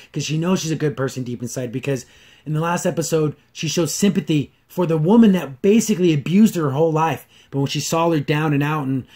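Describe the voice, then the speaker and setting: A man hosting a casual solo review, rambling with frequent restarts and fillers, and acting out characters' lines in lively voices. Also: a little high. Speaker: host reviewing a cartoon episode.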